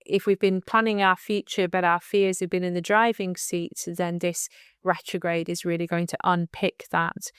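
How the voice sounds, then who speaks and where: A woman with a slight lisp talks through a monthly astrology forecast at an easy, measured pace. Her voice sits a little low and comes across smooth and clear. The sound is close and dry. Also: no echo. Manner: calm and unhurried, laughs at tricky numbers.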